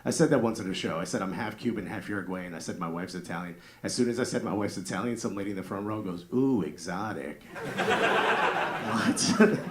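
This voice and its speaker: Speaking briskly with a fairly low pitch, a stand-up comedian with a New York-area accent works through a crude, conversational set where he acts out bits of dialogue. It's recorded live on a comedy club stage, with the audience laughing throughout.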